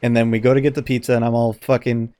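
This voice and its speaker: A man's voice: medium pitch, fast, no echo. Guy on a podcast telling a story, swears a bunch, acts out what people said, dry close sound. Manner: animated storyteller, acts out quotes, swears often. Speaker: podcast co-host. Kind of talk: casual chat.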